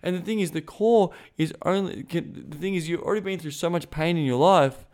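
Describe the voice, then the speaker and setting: A man's voice: a little high, a little fast, a little mellow. A man hosting a podcast as a sexuality coach, talking in a frank, emphatic and profane way, with many restarts. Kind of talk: casual monologue.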